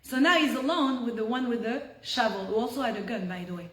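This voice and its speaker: A fairly high-pitched woman gives a Torah lesson over a video call and tells the story in an animated way. She turns hushed at the tense moments, and her voice carries a roomy echo. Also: quick pace. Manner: animated storyteller, drops to hushed tones for tension. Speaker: Torah teacher.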